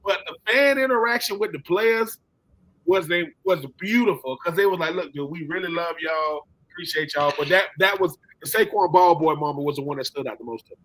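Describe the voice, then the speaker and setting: A man hosting a casual sports chat, telling animated stories and acting out quotes in slangy talk. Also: high voice, fairly quick. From Philadelphia. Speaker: podcast host.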